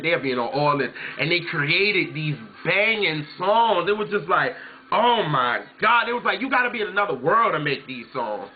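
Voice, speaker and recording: A man vlogging casually about music, telling stories, imitating his mom and singing snatches of songs. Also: fairly high pitch. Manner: chatty, storytelling, often mimics his mom and sings snatches. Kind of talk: casual chat. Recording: tinny phone-like sound.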